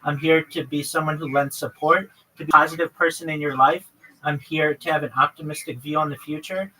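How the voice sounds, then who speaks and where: A man's voice: a little high, steady tone, fairly quick, sharp tone, far from the mic, a little hiss or hum, rough recording. A man hosting a livestream chat with a caller, earnestly listing his plans in long runs. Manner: earnest, lists many topics in long runs. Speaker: livestream host.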